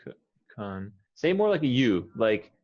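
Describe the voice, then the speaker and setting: A man with an American accent teaching English pronunciation one-on-one, modelling words slowly and repeating them patiently. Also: fairly low pitch, sing-song, a little mellow, lo-fi sound.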